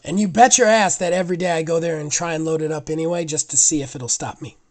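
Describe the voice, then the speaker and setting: Excitable rambling man, podcast co-host. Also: a little high, quick pace. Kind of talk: casual podcast chat.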